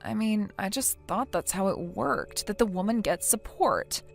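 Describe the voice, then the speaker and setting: A woman's voice: mid-range voice, expressive, unhurried, creaky, soft background music. A woman voicing a whiny, self-pitying wife. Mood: defensive. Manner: whiny, defensive. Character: self-pitying young wife who cheated. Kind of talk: text story narration.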